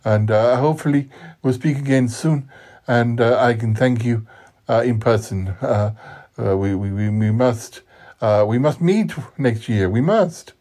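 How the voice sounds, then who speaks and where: A man's voice: mid-range voice, measured pace, mellow, natural voice. A man voicing a clumsy, effusive scientist who stammers his thanks. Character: clumsy, grateful male scientist.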